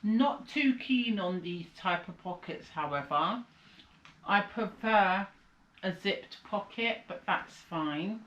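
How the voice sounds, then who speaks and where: Woman vlogger from the UK, tired with a slight cold, slow unhurried talk, echoey room. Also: medium pitch, lively intonation, a bit bright, dull audio. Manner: chatty, tired, rambling. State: slight cold, sucking a lozenge. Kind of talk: casual chat.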